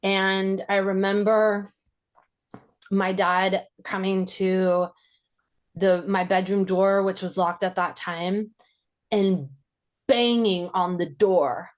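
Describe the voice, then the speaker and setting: A woman hosting a podcast interview, recalling a personal memory in a reflective, halting way with many fillers, her voice rising as she relives tense moments. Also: mid-range voice, steady tone. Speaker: podcast host.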